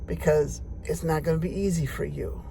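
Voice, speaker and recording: A woman's voice: deep voice, fairly even intonation, normal speed, creaky, mellow, slight background noise. A woman doing a stern no-nonsense mother. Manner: blunt, firm scolding. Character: stern no-nonsense mother scolding her daughter.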